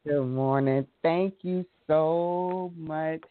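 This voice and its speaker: Woman, blunt and playful spiritual sharing, low voice; tinny phone audio. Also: drawn-out words. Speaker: prayer call participant. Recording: phone line.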